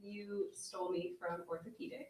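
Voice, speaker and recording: Brief: young female guest, low voice, friendly and soft-spoken, echoey room. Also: animated, moderate pace. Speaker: physician assistant, guest. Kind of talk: casual interview answers. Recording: roomy echo.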